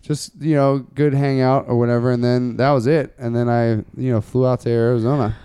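A man's voice: mid-range voice, fairly even intonation, a little fast, warm tone, smooth, no room sound, studio quality. A young man chatting casually, rambling with many restarts and fillers. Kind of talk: casual chat.

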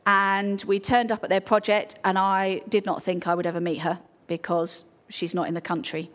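A woman's voice: mid-range voice, level tone, normal speed. Woman chatting to a church crowd, earnest, lots of ums and restarts. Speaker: charity speaker at a church. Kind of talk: informal talk to a congregation.

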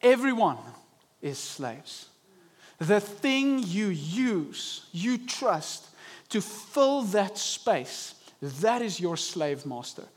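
Young male pastor, high-pitched, animated sermon delivery. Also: very slow, slightly rough. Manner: animated preaching, acting out inner voices. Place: church service.

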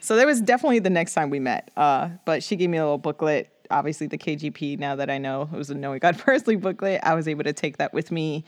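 A woman from the Bronx in her thirties, a podcast guest telling a personal story with animated acted-out quotes. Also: quick pace, few pauses, no echo. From the Bronx, New York. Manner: animated, acts out quoted voices with big pitch jumps.

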